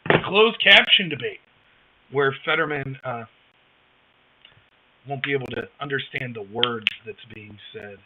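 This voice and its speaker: A man's voice: mid-range voice, measured pace, long pauses, very noisy. A man hosting a casual live stream, rambling wryly and reacting to chat on a wireless headset. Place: home, rural area. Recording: dull lo-fi headset mic.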